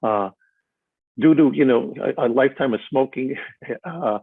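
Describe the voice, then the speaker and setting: A man's voice: mid-range voice, unhurried, husky, dry recording. An older man from Chicago, an actor being interviewed live, telling stories in a rambling way with many fillers and restarts. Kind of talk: live stage interview, storytelling. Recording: tinny phone-like sound.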